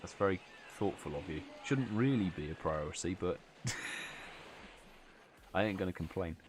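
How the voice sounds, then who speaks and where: Low-voiced tired British man streaming. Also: expressive, normal speed, background noise. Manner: chatty, reads out chat messages, yawns and laughs. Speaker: livestream host. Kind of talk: casual live stream chat.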